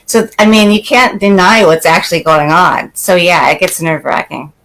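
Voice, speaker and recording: An older woman, an actress guest, talking in a relaxed, reflective way in an interview. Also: lowish voice, normal speed, rough recording. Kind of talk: casual interview chat.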